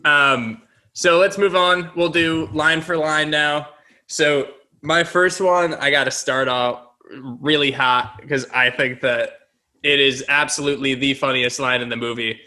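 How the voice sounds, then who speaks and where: A man's voice: on the high side, steady tone, measured pace, sharp tone. A young man co-hosting a podcast in casual chat, laughing often as he retells favorite movie lines. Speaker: podcast co-host.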